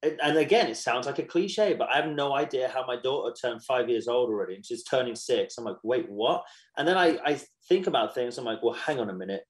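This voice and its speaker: Guy in his 30s on a podcast, chatty, acts out little quotes, mid pitch. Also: fast talker, few pauses, low-quality recording. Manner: animated storytelling, slips into quoted asides. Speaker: podcast guest, musician and actor. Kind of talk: casual chat.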